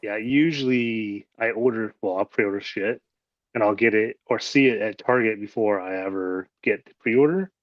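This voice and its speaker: A man's voice: lowish voice, normal speed, dry recording. Man host, casual rambling chat, swears a lot, dry and lo-fi sound. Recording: dull lo-fi audio.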